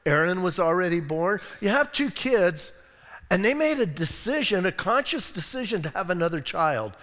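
In a church sanctuary, a man with an American accent preaches a sermon as pastor, his high voice moving at normal speed through a large hall. He tells stories animatedly, sprinkling in jokes and asides.

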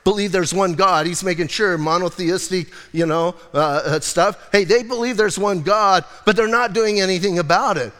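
A man's voice: sits high, normal speed, few pauses, pushed and bright. A male pastor preaching a sermon in a conversational way, teasing his congregation. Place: church sanctuary. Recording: long hall reverb.

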